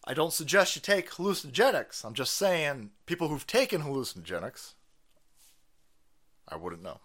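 Man, live-stream host, casual profane rant, slightly high voice, very lively pitch, frequent laughter. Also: moderate pace. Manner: animated, foul-mouthed, laughs often. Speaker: live-stream host reading viewer chats.

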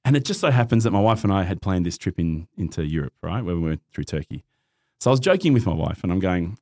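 Animated middle-aged Australian man. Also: deep voice, fast talker. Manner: animated, acts out quoted voices, laughs often. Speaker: guest. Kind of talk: casual storytelling.

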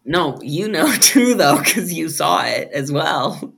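A man's voice: on the high side, big pitch swings, slow, creaky, fairly bright tone, breathy edge. A man co-hosting a film podcast in casual chat, playful and joking with frequent laughter. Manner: playful, jokey, laughs often. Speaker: podcast co-host.

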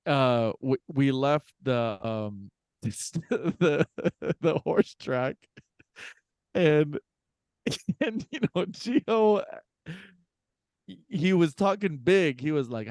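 A man's voice: medium pitch, takes it slowly, a little mellow, no echo, studio quality. A man hosting a podcast in casual chat, telling a story loosely and laughing often between words. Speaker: podcast host.

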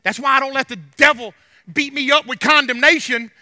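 A male pastor preaching a fervent sermon, repeating lines and rising to shouts. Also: very high voice, steady tone, fairly quick, slight background noise. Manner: fervent, repetitive, builds to shouting.

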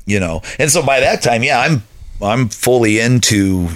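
A man's voice: mid-range voice, lively intonation, moderate pace. A man in his thirties, a podcast guest, telling his life story in a conversational way and acting out what his friends said.

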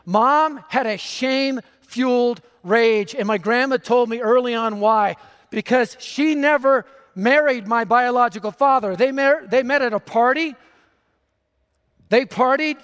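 A man from North Denver giving an energetic, humorous gospel talk on a conference stage, speaking into a stage microphone. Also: very high voice, clean tone. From North Denver, USA. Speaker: evangelist speaker. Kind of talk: gospel message speech. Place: large conference hall stage. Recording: reverberant hall.

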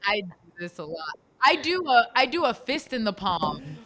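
A woman hosting a podcast in casual chat, expressive and laughing often. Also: mid-range voice, normal speed.

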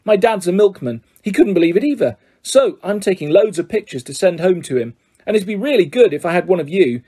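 Man reading as small, starstruck schoolboy; high, breathless, stammering, husky. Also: expressive, fairly quick, warm tone. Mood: eager.

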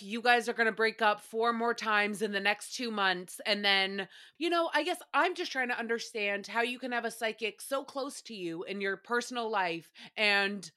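Bright, chatty woman podcast host. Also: on the high side. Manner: chatty, animated, swearing and laughing. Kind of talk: solo recap podcast.

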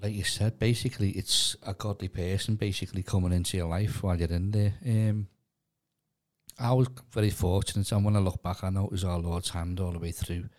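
Deep-voiced man speaking haltingly. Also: steady tone, darkish tone. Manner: halting, hesitant with "um" pauses. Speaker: podcast co-host. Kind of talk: casual personal testimony.

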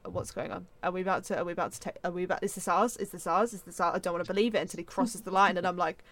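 A young woman from England co-hosting a casual podcast chat, telling an excitable story, swearing freely and acting out her own reactions. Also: fairly low pitch, racing. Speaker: podcast co-host.

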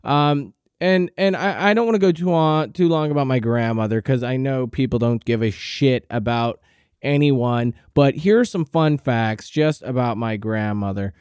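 A man hosting a podcast, telling a comic story in a profane, rambling monologue with deadpan exaggeration. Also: medium pitch, moderate pace, clear, resonant tone, dry recording, studio quality. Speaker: podcast host.

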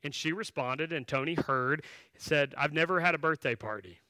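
Bright, forceful male pastor. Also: on the high side, normal speed, dry recording. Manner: conversational, with filler words and restarts while telling a story; emphatic, direct appeals to the congregation. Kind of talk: sermon storytelling.

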